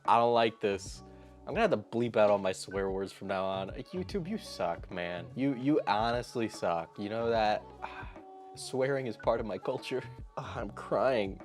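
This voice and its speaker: A man's voice: on the low side, measured pace. Young guy ranting sarcastically over a reaction video, faint music behind. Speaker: YouTube commentator. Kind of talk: comedic reaction commentary.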